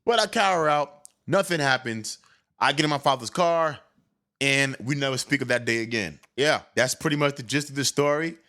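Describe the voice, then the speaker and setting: A young man telling a candid comic story about his past in a casual, animated way, often stumbling over restarts. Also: mid-range voice, moderate pace.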